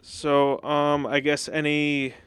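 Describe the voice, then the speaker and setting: A young man hosts a casual interview podcast, his voice smooth and clear. He talks in a relaxed way and hesitates often, filling gaps with "like" and "uh". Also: a little high, slow pace. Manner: relaxed, hesitant with many fillers. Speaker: podcast host.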